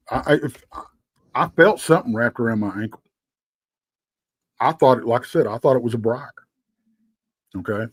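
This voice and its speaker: A man with a Texan accent, telling a story as a guest, rambling and halting with lots of fillers. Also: mid-range voice, dry recording. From Texas. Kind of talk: casual storytelling.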